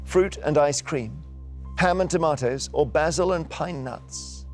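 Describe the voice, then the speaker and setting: A man's voice: fairly high pitch, unhurried, soft background music. A man hosting a quiz show in a TV studio, upbeat and teasing as he reads out questions.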